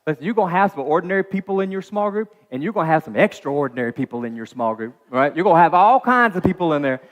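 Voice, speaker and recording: A male pastor preaches from a church stage into a stage microphone, and his voice rings with the long reverb of the hall. He sits a little above the usual pitch for a man and talks in a chatty, animated way, full of asides and restarts. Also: fast. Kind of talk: sermon. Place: dark church auditorium.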